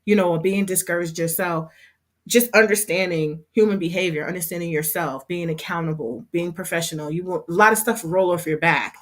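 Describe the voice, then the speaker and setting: Chatty woman with a low voice. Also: brisk. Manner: chatty, laughs often, lots of fillers and restarts. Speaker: hair business owner and instructor. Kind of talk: casual livestream chat.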